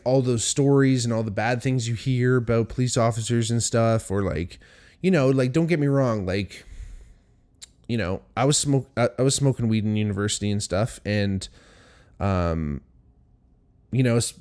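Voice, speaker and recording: In a casual storytelling monologue, this young man hosting a podcast rambles, swears, and gets worked up. His voice is on the low side, a little mellow, clear and resonant.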